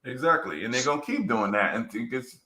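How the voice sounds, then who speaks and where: A man's voice: mid-range voice, sing-song, brisk, bright, forceful tone. A man talking in a casual, earnest commentary, rambling and repeating words as he works through his point.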